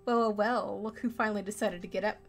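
A woman reading as a brisk bird assistant. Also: medium pitch, steady tone, soft background music, lightly acted. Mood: teasing. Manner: reading game dialogue aloud quickly. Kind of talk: reading game text aloud.

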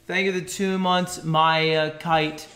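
A man's voice: on the high side, flat delivery, takes it slowly, sharp tone. A man joining a cooking stream, bantering in a dry, teasing way. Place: home kitchen. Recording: echoey room, faint background music.

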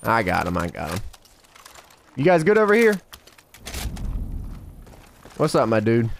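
A man giving casual, slangy gameplay commentary as a let's play host, excitable and bantering with game characters. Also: mid-range voice, a little slow, creaky, slight background noise.

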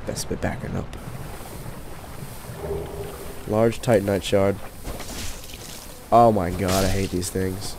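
Low-voiced man grumbling through a game. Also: fairly even intonation, measured pace, creaky, noisy background. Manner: exasperated, trash-talks enemies, keeps voice down. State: sick. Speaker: let's play commentator. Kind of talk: gameplay commentary.

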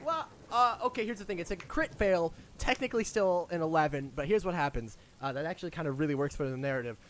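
A man with a high voice runs a tabletop game in a casual, laid-back tone. His narration is loose and chatty. A faint hiss sits under the recording. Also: fast, fairly bright tone. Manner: casual, laughs easily. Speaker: game master.

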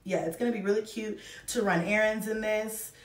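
A woman's voice: medium pitch, steady tone, a little fast, recorded from a distance. An effusive woman in her thirties chats to camera about a shopping haul, calling out to viewers as y'all. Her voice bounces around an echoey room and sits a little back from the mic. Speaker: vlogger reviewing a shopping haul. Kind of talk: casual chat to camera.

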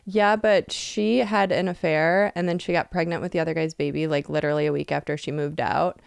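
A woman's voice: deep voice, steady tone, a little fast, creaky, clear, resonant tone, no room sound, studio quality. A woman in her thirties co-hosting a casual podcast, talking candidly and acting out quoted dialogue. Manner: candid, laughing, quotes people in retold dialogue. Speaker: podcast co-host.

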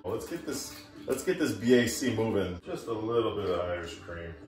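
A man's voice: on the low side, animated, fairly quick, a little mellow. A man vlogging casually to camera, chatty and self-mocking as he talks to himself. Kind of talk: casual drinking vlog. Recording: echoey room with music behind. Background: Irish music playing.

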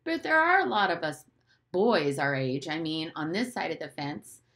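A woman doing a quiet, thoughtful boy. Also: low-pitched, very animated, moderate pace, heavily acted. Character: quiet nine-year-old boy, thoughtful.

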